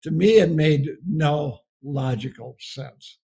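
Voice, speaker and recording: A man's voice: on the high side, slow pace, mellow, husky. A middle-aged man from the United States giving a folksy storytelling sermon about marriage, chuckling as he goes. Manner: folksy, laughs through his story. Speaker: speaker on marriage.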